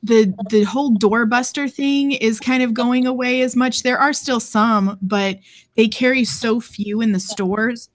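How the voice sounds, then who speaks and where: Chatty woman on a group call, deadpan jokes, dry close sound. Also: a little high, unhurried, no echo. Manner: chatty, dry teasing humor. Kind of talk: casual group video chat.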